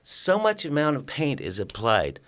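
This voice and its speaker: An older man from California, a podcast guest telling a story in a casual, animated way, acting out the lines of people in it and swearing now and then. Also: a little high, moderate pace, clean tone.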